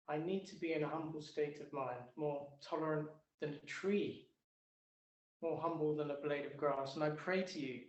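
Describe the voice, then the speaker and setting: A man's voice: a little high, reverberant. A man giving an earnest, prayerful devotional talk over a video call. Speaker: spiritual speaker.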